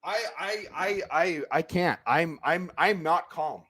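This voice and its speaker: Hosting a live sports watch party, a man with a slightly high voice speaks at a slow pace. He reacts play by play in an agitated rant, yelling angrily at the referees.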